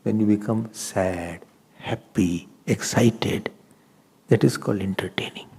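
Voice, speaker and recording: A man giving a spiritual discourse as a swami, animated and laughing often as he acts out everyday scenes. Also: on the low side, measured pace, gravelly, husky. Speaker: swami giving a scripture talk.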